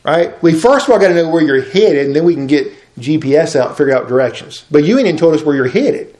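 A man preaching a sermon, firing off rhetorical questions with big swings in pitch and loudness. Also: expressive, fast, echoey room, low-quality recording. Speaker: pastor.

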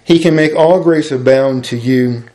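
A man's voice: medium pitch, a little slow, dark tone, echoey room, poor audio. A man preaching a conversational, folksy sermon as a pastor.

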